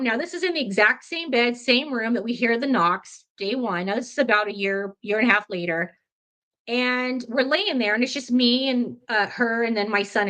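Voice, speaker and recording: A woman guest telling a ghost story in an interview, animated and chatty, with many fillers. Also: a little high.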